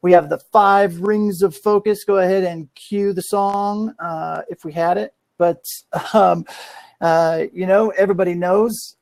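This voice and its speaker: A man's voice: high voice, steady tone, measured pace, gravelly, a little mellow, dry recording. A man hosting a live online community show, talking casually with lots of fillers and an upbeat push. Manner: rambling, filler-heavy, upbeat. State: out of breath. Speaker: podcast host.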